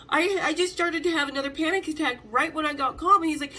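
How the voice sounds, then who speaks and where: A woman in her fifties, the host, telling stories in a casual, animated way, swearing freely and acting out the voices of the people in them. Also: sits high, fast, hardly any pauses, slight background noise. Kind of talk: casual storytelling.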